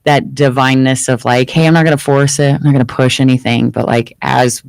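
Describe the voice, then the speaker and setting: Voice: medium pitch, fairly even intonation, a little fast, vocal fry, no echo, rough recording. A host speaking in a casual, effusive way with spiritual wording during a studio live session. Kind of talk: casual chat.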